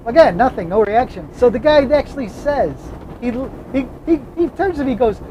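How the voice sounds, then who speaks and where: With a very high-pitched, mellow voice, the travel vlog host sounds animated and talks at normal speed while riding in a moving car. His casual storytelling chat is full of rambling anecdotes and self-corrections, captured in poor audio with a little hiss or hum.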